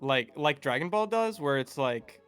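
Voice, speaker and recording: A man's voice: a little high, lively intonation, moderate pace, fairly bright tone, faint music behind. A man as a guest in casual stream chat, easygoing and agreeable, often hesitant. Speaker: guest co-host.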